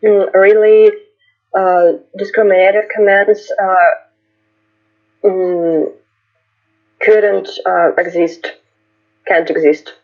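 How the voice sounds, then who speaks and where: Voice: mid-range voice, level tone, takes it slowly, long pauses. A student in an online English class, speaking hesitantly and searching for words. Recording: dull lo-fi online class audio.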